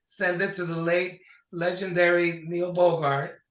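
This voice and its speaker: An older man, a singer, chatting in an interview and telling animated stories from his career. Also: high voice, measured pace. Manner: animated storyteller, acts out quotes. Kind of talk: casual interview conversation. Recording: echoey dull lo-fi sound.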